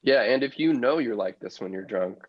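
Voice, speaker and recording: A man's voice: mid-range voice, lively intonation, a little fast, dull audio, crowd noise. A man, a comedian guest on a podcast, telling a story in casual chat, swearing freely and laughing often.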